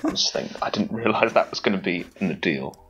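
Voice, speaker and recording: A man's voice: deep voice, lively intonation, fairly quick, a bit bright, a little hiss or hum. A man as a podcast guest, chatting in a rambling, hesitant way. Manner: rambling, hesitant, self-conscious. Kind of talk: casual podcast chat over a call.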